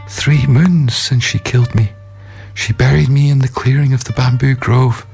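Man voicing a sweet, pitiful girl ghost; high, thin, quavering, pleading; storybook tale. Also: gravelly, a little mellow. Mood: mournful. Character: gentle young girl, later her pitiful ghost.

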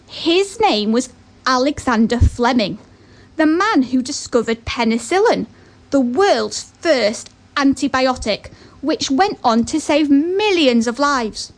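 A woman's voice: sits high, lively intonation, takes it slowly. A woman giving an earnest motivational talk and telling a story, with chatty asides.

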